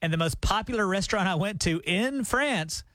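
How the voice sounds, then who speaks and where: A man co-hosting morning radio, playful and mock-serious as he builds a joke. His voice sits a little high for a man and sounds close and dry on a studio mic. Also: animated, normal speed, bright, forceful tone, no room sound. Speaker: radio show co-host. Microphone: studio microphone.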